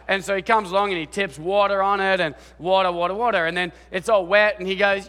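A man preaching a sermon in a lively, chatty way, often restarting sentences and acting out the voices in the story. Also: sits high, fairly quick, few pauses, in a large hall. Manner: animated, chatty preaching with acted-out quotes and frequent restarts. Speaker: pastor.

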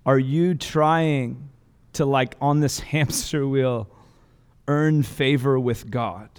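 A man's voice: medium pitch, fairly even intonation, slow pace, smooth. A man preaching a sermon as pastor, earnest and conversational, with casual asides and restarts. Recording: long hall reverb.

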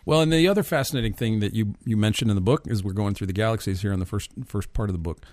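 Chatty man with a low, dry voice. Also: fast, a little mellow, no room sound. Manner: chatty, laughs often, many fillers. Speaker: host. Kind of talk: casual chat about astronomy.

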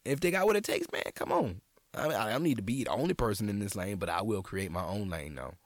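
Fast and sing-song in a fairly low voice, a New Orleans comic hosts his own podcast, chatting casually with plenty of profanity, local accent and stop-start restarts. The studio-quality audio has no room sound.

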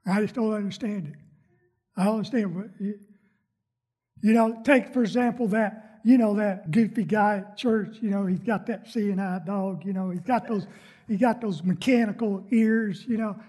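A woman preacher playing a grumbling churchgoer who complains to God and shouts at slow drivers in a sermon skit. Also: fairly high pitch, breathy edge. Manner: exasperated complaining, rising to shouted impatience. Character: grumbling churchgoer, impatient and easily annoyed.

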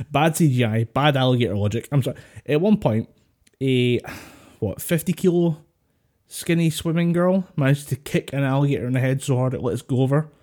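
A man's voice: mid-range voice, normal speed, dark tone. A man co-hosting a podcast over a voice call, rambling, laughing often and swearing casually. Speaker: podcast co-host. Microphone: voice call headset or desk mic.

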